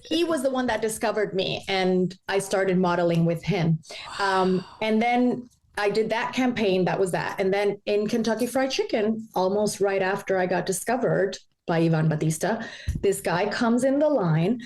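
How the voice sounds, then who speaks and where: Lady, middle aged, animated storytelling on a podcast, acts out all the voices. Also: mid-range voice, moderate pace, slight background noise. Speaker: podcast guest. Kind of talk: storytelling in casual chat.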